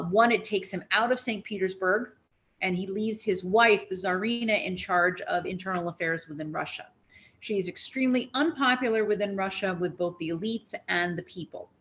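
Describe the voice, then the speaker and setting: A woman giving a spoken history lecture, telling events as a lively story with restarts and asides. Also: mid-range voice, muffled recording.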